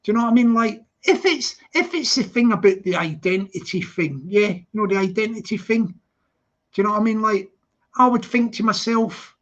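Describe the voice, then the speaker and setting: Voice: mid-range voice, animated, moderate pace. A live commentator, rambling and repeating themselves, full of "you know what I mean". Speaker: livestream commentator. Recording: lo-fi livestream audio.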